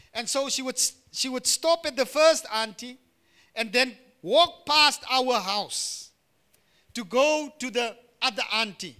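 Middle-aged male pastor with a very high, piercing voice, preaching with loud and hushed swings. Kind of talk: sermon.

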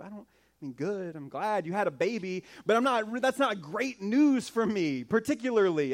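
A man in his thirties preaching a sermon as pastor, conversational and playful, with dramatic hushed moments. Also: high-pitched.

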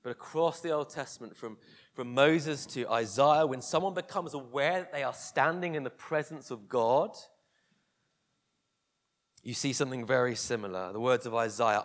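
A man preaching a sermon, telling a scripture story vividly and dropping to a hush for tender moments. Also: mid-range voice, normal speed.

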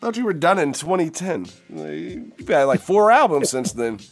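A man's voice: a little high, big pitch swings, moderate pace, soft background music. A man hosting a casual chat show, laid-back and joking, often acting out little quotes. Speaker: host.

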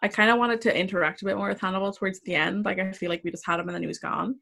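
A woman co-hosting a podcast, talking about a film in a relaxed, chatty way. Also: medium pitch, very fast, gravelly. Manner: relaxed, chatty, laughs easily. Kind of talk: casual film discussion.

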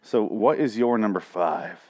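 A man with a lowish voice co-hosting a podcast. He talks in blunt, profane casual chat and acts out scenes with animated retellings. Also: a little slow. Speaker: podcast co-host.

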